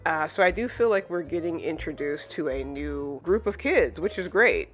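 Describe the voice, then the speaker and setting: A woman's voice: low-pitched, lively intonation, moderate pace, faint music behind. A woman giving a casual chapter review, chatty and full of fillers. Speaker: manga reviewer.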